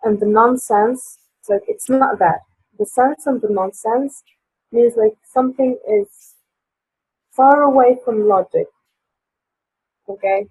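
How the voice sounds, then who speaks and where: A woman's voice: a little high, takes it slowly, pauses often, a little mellow, breathy edge, dry recording. A woman teaching a live online English class, hesitant and full of fillers, over dull lo-fi call audio. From Tunisia.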